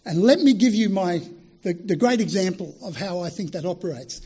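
A man with a high, husky voice addresses an audience in a Q&A, earnest and emphatic as he restarts his phrases. The recording is dull and lo-fi. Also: fairly quick, warm tone. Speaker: speaker answering audience questions. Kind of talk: public talk, Q&A.

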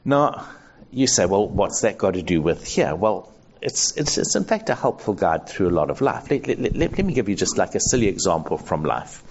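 A man gives a live ethics lesson to a room full of people. His voice sits low, and the recording is dull and lo-fi. He talks conversationally, asks for a show of hands and acts out the voices he quotes. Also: big pitch swings, moderate pace, darkish tone, slight background noise. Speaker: speaker teaching ethics to an audience. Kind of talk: live talk with audience. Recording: dull lo-fi sound.

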